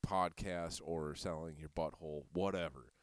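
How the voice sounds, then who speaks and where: A man's voice: rumbling low, fairly even intonation, normal speed, dry recording, studio quality. A young man telling a crude, profane story in casual podcast chat, full of fillers.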